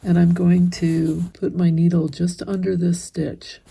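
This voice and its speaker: A middle-aged woman hosting a casual embroidery tutorial, chatting gently and thinking aloud as she demonstrates each stitch. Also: fairly low pitch, flat delivery, unhurried, gravelly, husky. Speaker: embroidery teacher and channel host. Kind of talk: casual step-by-step craft tutorial.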